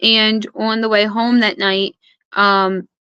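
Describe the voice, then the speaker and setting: A woman's voice: medium pitch, level tone, slow, smooth, dry recording, highs cut off. A young adult woman, an interview guest, earnestly recounting personal events and quoting what others said. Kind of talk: personal account in conversation.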